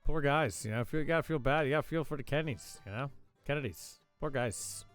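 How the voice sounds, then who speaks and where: A man's voice: medium pitch, fairly quick, soft background music. A man hosting a live call-in talk show, riffing on news headlines with sarcastic, profane, mocking asides. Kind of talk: casual comedic news riff.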